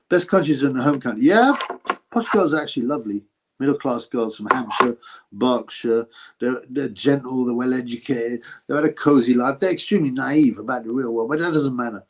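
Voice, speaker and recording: A man's voice: mid-range voice, husky. A British man with an ordinary mid-range voice hosts a casual live chat. He reads each viewer question aloud, then fires back a blunt, crude answer. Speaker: livestream host answering chat.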